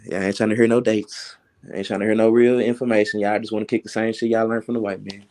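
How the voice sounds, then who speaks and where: A man's voice: on the low side, flat delivery, quick pace, darkish tone. Laid-back man telling stories. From Texas. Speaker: guest. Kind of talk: casual panel talk.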